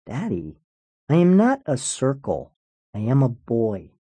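A man voicing a bright little boy who explains things earnestly and literally, in a storybook reading. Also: mid-range voice, huge pitch swings, a little slow, breathy edge, no echo, highs cut off, exaggerated voice. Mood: matter-of-fact. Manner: earnest, matter-of-fact.

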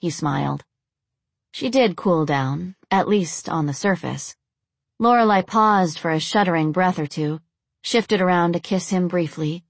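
A woman narrating a romance story in a measured, steady reading voice that slows for emphasis. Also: on the low side, no room sound.

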